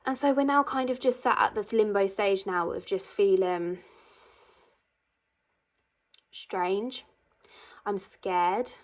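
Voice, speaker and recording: A woman's voice: mid-range voice, slow, long pauses. A young woman in her twenties telling a personal story in a casual vlog, chatty and emotional, with lots of fillers. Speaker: vlogger.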